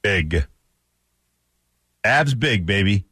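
Lowish voiced guy, drawls it out slow, goofy and playful, swings his pitch around, dry studio. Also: animated, pushed and bright, slightly rough, no echo. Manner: goofy, playful, laughs a lot. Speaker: sports radio co-host. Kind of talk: casual sports radio banter.

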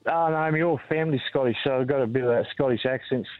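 A male caller raised in Australia, answering quiz questions in a relaxed, casual way over a phone line. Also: medium pitch, fast talker, dry recording, faint music behind.

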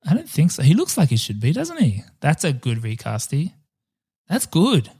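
A man with a slightly higher-than-average voice co-hosts a relaxed film podcast. He talks in a playful, loose way, cursing freely and drifting into comic tangents. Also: normal speed, breathy edge. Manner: jokey, swearing, tangents. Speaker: podcast co-host. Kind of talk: casual film podcast chat.

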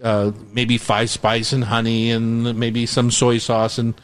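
A man hosting a casual cooking chat, explaining things quickly and practically with asides. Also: mid-range voice, monotone, clear, resonant tone.

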